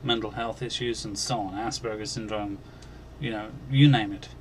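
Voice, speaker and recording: A man hosting a Christian channel, earnestly recounting a dream as personal testimony, halting and restarting, and growing emphatic on key points. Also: on the low side, fairly even intonation, slight background noise. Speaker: Christian video channel host.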